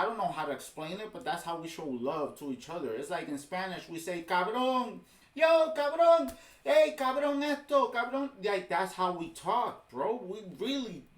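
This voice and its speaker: Heated man, slightly higher voice, exasperated ranting commentary over a clip, echoey room. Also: fairly bright tone. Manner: heated, exasperated, keeps saying "bro". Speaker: reaction video host. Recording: roomy echo.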